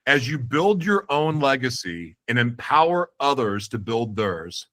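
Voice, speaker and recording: A man's voice: medium pitch, sing-song, a little slow, a bit bright. A man hosting a podcast interview, giving short affirming reactions and asking open questions. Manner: affirming, brief reactions, self-correcting with a laugh. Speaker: podcast host. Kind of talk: interview host.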